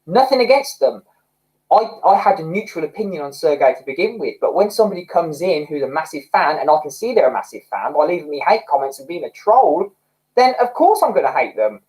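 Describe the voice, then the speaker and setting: Chatty man with a lively pitch. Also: a little fast, poor audio. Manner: chatty, rambling, expressive. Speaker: livestream host. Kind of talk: casual livestream chat reading comments.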